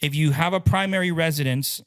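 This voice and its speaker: A man co-hosting a casual podcast as a loan officer, explaining loan terms in quick lists and acting out the people in his stories. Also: fairly high pitch, clean tone. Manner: animated, acts out quoted people mid-story.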